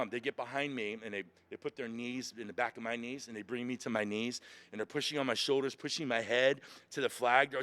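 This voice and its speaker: A man recounting his Marine boot camp experience as a podcast guest, animated and emotional, acting out shouted orders. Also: mid-range voice, fast talker, hardly any pauses, no room sound. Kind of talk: emotional storytelling. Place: museum.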